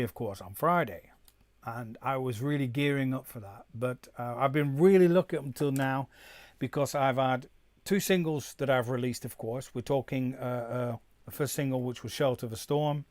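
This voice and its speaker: A middle-aged male musician hosts his own live stream, rambling casually at medium pitch, reading viewer comments aloud and slipping into German. The recording is dry.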